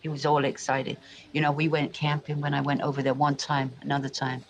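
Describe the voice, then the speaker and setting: A man's voice: a little high, completely flat delivery, brisk, slight background noise, poor audio. A man from England telling rambling family stories, full of restarts and asides. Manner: meandering, frequent restarts and asides. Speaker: vlogger. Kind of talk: rambling personal storytelling.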